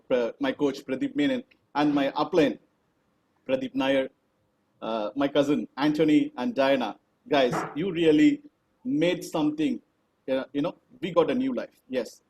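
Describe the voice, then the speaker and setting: A man with an Indian English accent giving an earnest, rousing testimonial on a video call, halting with fillers. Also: a little high, darkish tone, a little hiss or hum. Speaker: speaker on a launch call. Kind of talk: motivational testimonial. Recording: echoey, dull video call audio.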